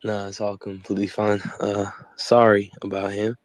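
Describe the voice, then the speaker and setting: A male caller from Washington State who speaks hesitantly, with plenty of fillers. His voice is low and flat in melody, with a dry, close sound. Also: normal speed, no room sound. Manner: hesitant, many fillers, relaxed.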